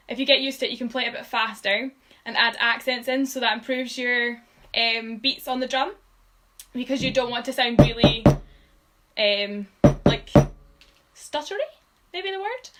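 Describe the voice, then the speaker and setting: A woman's voice: a little high, heavy background noise. A woman giving a live-streamed drumming lesson, patiently counting beats aloud with frequent ums. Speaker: drum tutor.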